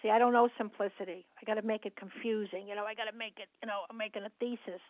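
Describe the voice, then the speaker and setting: A woman's voice: mid-range voice, fairly even intonation, fast talker, no echo. Chatty woman on a tinny phone line. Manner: chatty, explains step by step with repetition. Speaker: meeting leader and sponsor. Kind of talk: sharing at a recovery phone meeting.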